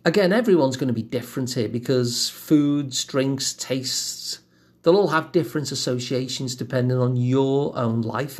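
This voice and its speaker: A man giving a calm self-help lesson in a gentle, measured, reassuring way. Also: mid-range voice. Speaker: wellbeing teacher.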